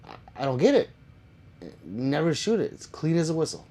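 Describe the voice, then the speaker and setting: Male streamer, casual chat, reads out comments, jokey and profane, fairly high voice, very lively pitch. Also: a little fast. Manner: reads viewer comments aloud, joking and swearing. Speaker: live streamer.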